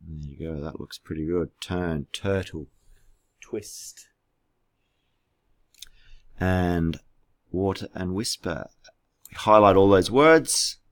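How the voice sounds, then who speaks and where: A man's voice: low-pitched, takes it slowly, long pauses. A man teaching a class through a screen-recorded tutorial, patient and spelling words out letter by letter, with keyboard clicks behind him.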